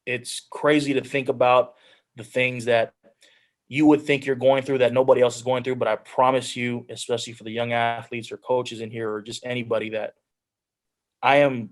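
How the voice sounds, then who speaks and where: At a normal speed and in a level, medium-pitched tone, a twentysomething man shares his life story. He is a professional football player on a video call as a guest, speaking earnestly and often voicing his own past thoughts aloud.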